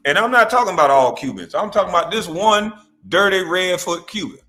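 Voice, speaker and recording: A man's voice: sits high, lively intonation, fairly quick, sharp tone, faint music behind. A man hosting a reaction show, ranting bluntly and profanely, mocking his target. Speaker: host. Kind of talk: reaction commentary rant.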